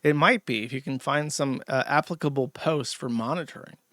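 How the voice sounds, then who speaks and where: A man's voice: medium pitch, brisk, sharp tone, no room sound, clean studio sound. A man reading out viewer donations on his livestream and answering them in a blunt, profane, sardonic way. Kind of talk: casual livestream chat.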